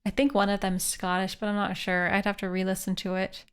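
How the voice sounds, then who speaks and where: A woman's voice: medium pitch, flat delivery, fairly quick, smooth. A woman from Canada, a streamer, thinking aloud in casual, playful live game commentary.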